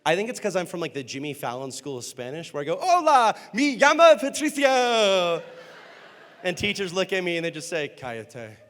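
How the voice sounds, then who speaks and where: A man giving a humorous storytelling keynote, acting out characters with quick voice changes and self-deprecating comic timing. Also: on the high side, fairly bright tone. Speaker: motivational speaker and entertainer. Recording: long hall reverb.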